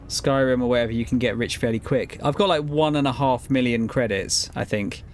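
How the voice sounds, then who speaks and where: A man's voice: mid-range voice, a little fast, slight background noise. A man chatting wryly while he plays and comments on a game. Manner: chatty, wry. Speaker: streamer. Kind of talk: casual gameplay commentary.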